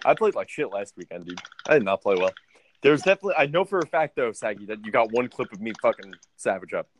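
A man's voice: on the low side, very animated, fast, slight background noise. A young man in casual chat over voice chat, laughing often and swearing freely.

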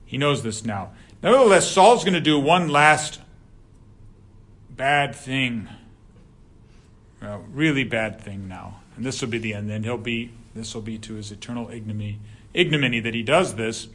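A man's voice: medium pitch, moderate pace, long pauses, a bit bright. A man teaching a Bible class in a conversational, digressive way, reading passages aloud and then explaining them. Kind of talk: scripture class lecture.

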